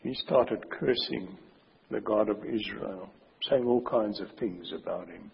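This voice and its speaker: Husky-voiced male preacher in a reverberant hall. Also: fairly low pitch. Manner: emphatic, slows down to stress warnings. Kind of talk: sermon. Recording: dull recording with long hall reverb.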